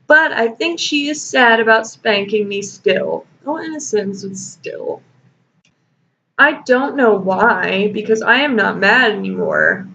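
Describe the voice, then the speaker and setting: A woman's voice: on the high side, very animated, takes it slowly, bright, forceful tone. A woman hosting a sarcastic fanfiction reading and critique. She swears freely and laughs often. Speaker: host. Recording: dull lo-fi home recording with faint noise.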